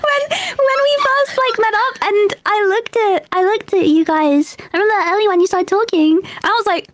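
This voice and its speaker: A woman's voice: very high-pitched, moderate pace, no room sound, clean studio sound. A young British woman hosting a casual stream chat, giggly and chatty, with many fillers. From United Kingdom. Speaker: streamer host.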